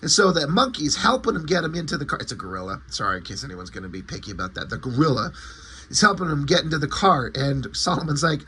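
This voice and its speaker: A man casually reviewing a comic, excited and rambling as he retells the story. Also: a little high, fast, breathy edge.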